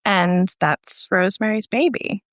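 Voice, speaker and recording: A woman's voice: mid-range voice, measured pace, a bit bright, dry recording, clean studio sound. A woman filmmaker, a podcast guest, retelling a film plot in casual chat and filling it with "like".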